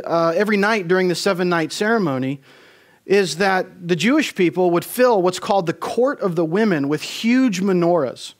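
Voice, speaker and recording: A man preaching a Christmas Eve sermon in a church, measured and deliberate, slowing down to stress key phrases. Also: high voice. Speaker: pastor. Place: church sanctuary.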